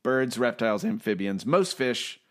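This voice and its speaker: A man's voice: mid-range voice, lively intonation, moderate pace. A man co-hosting a casual chat, sounding incredulous and rambling. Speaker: co-host.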